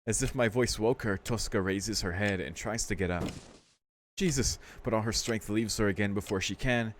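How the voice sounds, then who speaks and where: A man with a lowish voice, speaking at a moderate pace, hosts a let's play where he reads a visual novel's text aloud. He breaks off now and then to react casually, sometimes swearing. Faint game music and slight background noise sit behind him.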